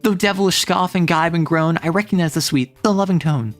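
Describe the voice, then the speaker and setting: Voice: mid-range voice, brisk, soft background music, close to an everyday voice. A streamer voicing a doomed young woman who pleads anguished verse from a prison cell, in a dramatic reading of a classic play. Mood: frantic.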